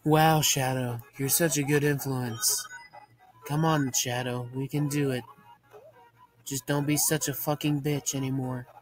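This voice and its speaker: A man giving profane, deadpan muttered commentary while playing a video game, framed as a mock ASMR video. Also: medium pitch, unhurried, faint music behind. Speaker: gaming channel host.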